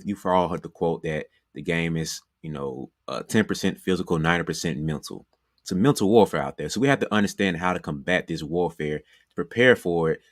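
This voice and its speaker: A man's voice: low-pitched, no room sound, clean studio sound. A man giving a motivational basketball coaching talk, conversational and repetitive, often saying "you know". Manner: conversational, repeats phrases, frequent "you know". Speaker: basketball trainer.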